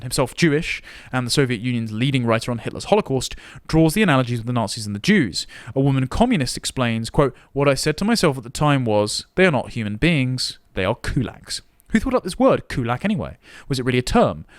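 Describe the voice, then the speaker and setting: A man's voice: mid-range voice, very animated, a little fast, dry recording, studio quality. A man giving political commentary in a podcast, sardonic and reading long quotes aloud.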